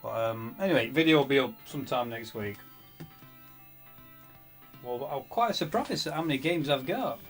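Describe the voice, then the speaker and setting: A man's voice: mid-range voice, expressive, normal speed, pauses often, a bit bright, faint music behind. A man chatting casually on a live gaming stream, often muttering to himself as he plays.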